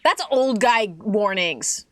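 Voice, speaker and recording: A woman in her twenties streaming a game, chatty and animated, laughing often. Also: medium pitch, takes it slowly, no echo. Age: 20s. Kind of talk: casual gaming chat.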